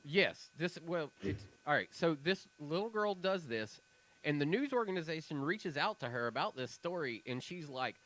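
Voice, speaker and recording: A man's voice: fairly high pitch, moderate pace, low-quality recording. A man co-hosting a casual podcast chat, telling stories with acted-out quotes and frequent swearing. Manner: animated storyteller, acts out quoted voices, swears freely. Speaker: podcast co-host.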